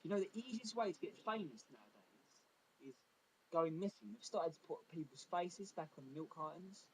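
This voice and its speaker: Male stand-up comic, slightly high pitch, deadpan delivery. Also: moderate pace, a little hiss or hum, low-quality recording. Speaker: stand-up comedian. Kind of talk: stand-up routine.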